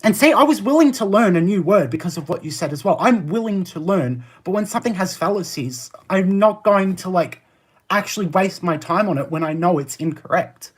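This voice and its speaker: A live streamer chatting with viewers and arguing back at their messages in fast rants full of "like", laughing often. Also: mid-range voice, expressive, breathy edge. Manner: argumentative, fast rants with many "like" fillers; laughs often, easily amused.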